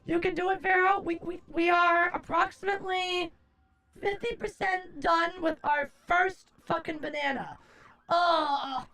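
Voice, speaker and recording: A woman's voice: extremely high pitch, fairly even intonation, measured pace, vocal fry, sharp tone. A young adult woman streamer chatting casually on a live stream, rambling, exasperated and profane as she answers her chat.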